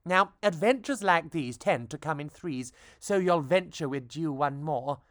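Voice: mid-range voice, expressive, measured pace, a bit bright, dry recording, studio quality. A storybook reader voicing a preachy, self-assured female fairy who lectures her friend. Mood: wry. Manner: lecturing, speechifying.

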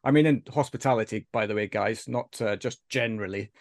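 A man's voice: on the low side, fairly quick, no room sound, studio quality. A male host chatting in an upbeat, jokey way with his guests on a video call. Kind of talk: casual chat on a video call.

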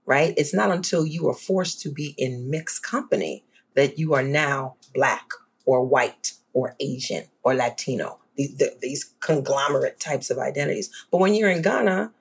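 A guest scholar from New Orleans with a New Orleans accent, talking in an animated, emphatic way in a podcast conversation. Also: moderate pace, creaky, slightly rough. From New Orleans, USA. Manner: animated, emphatic, swings up high when excited.

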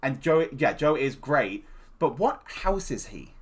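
Podcast co-host, casual chat, rambling, animated pitch, middle register. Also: unhurried, husky. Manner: rambling, lively, full of fillers.

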